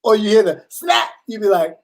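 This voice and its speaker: Man telling animated stories. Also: sits high, normal speed, rough recording. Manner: animated storyteller acting out family voices; swears freely. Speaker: co-host. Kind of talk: casual chat.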